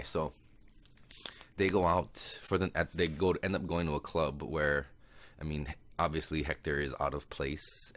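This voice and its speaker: A man with a very deep, low voice talks through a movie plot in a relaxed, rambling way. He fills gaps with ums, backtracks to correct himself and lets out small chuckles. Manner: rambling, with many fillers and self-corrections; chuckles now and then while telling it. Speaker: podcast host. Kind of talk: casual movie recap.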